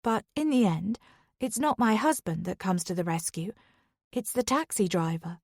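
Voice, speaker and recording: A woman reading a first-person thriller audiobook in a steady, even way. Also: medium pitch, normal speed, gravelly, dry recording, clean studio sound. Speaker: audiobook narrator.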